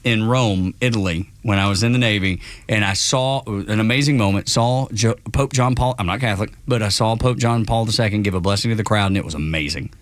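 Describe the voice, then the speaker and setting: A man's voice: on the low side, a little fast, hardly any pauses, no echo. A middle-aged man co-hosting a morning radio show, telling rambling, self-deprecating stories in casual banter. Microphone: studio microphone.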